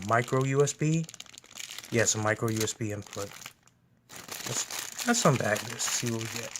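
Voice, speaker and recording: A man's voice: mid-range voice, background noise. A man hosting a gaming channel, giving casual, enthusiastic unboxing commentary at home. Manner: enthusiastic, gushing.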